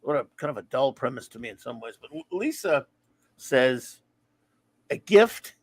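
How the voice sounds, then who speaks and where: A man hosting a casual live-streamed show, reading out listener reviews and greetings, often stumbling and correcting himself with quick laughs. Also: mid-range voice, very animated, breathy edge.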